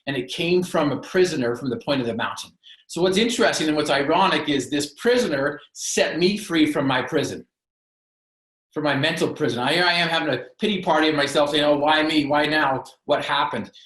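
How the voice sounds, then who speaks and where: A man's voice: on the high side, a little fast, fairly bright tone. A man as a podcast guest, telling his own story in an earnest, emphatic, motivational way with punchy alliterative phrasing. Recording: roomy echo.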